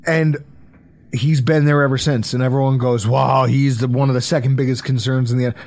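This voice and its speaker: A man hosting a casual sports podcast, joking and talking in quick asides. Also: medium pitch, fairly even intonation, gravelly, darkish tone. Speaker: podcast host.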